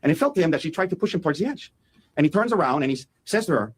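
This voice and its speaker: A man talking quickly in a husky, slightly raised voice. He lays out an opening statement to a jury in an animated way and acts out what people said as he goes. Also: on the high side, low-quality recording. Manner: fast, animated, acts out quotes. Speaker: defense attorney.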